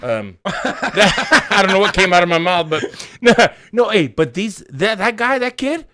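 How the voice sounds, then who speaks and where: A man's voice: high voice, sing-song, unhurried, sharp tone. A man, telling a story in casual chat, acting out the voices and swearing freely. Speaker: co-host.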